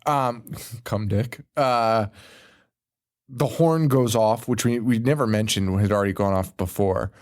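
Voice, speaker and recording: A man's voice: on the low side, unhurried. A man co-hosting a horror podcast, rambling through a profane, laughing recap of a film and acting out its lines. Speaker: podcast co-host. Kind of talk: casual profane movie recap.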